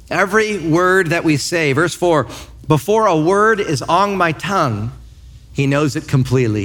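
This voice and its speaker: A man in his thirties, a pastor preaching a sermon in church, telling lively stories and acting out quotes. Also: a little high. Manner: lively storytelling with acted-out quotes.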